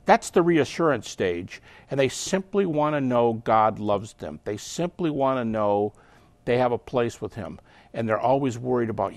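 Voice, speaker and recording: A man being interviewed as a guest who explains his ideas in a lively way. He often slips into acting out other people's voices. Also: medium pitch, normal speed, no room sound. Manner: animated, acts out quoted voices.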